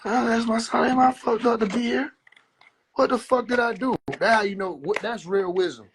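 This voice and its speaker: A young man livestreaming from his phone, rambling in an animated, profane way and slipping into quoted voices. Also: very high voice, moderate pace, background noise. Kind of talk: rambling casual livestream monologue. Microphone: phone on a live stream.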